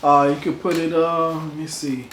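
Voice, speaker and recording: A man's voice: fairly high pitch, flat delivery, normal speed, fairly bright tone. A man interviewing an elder, asking questions hesitantly with many fillers. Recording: roomy room with faint noise.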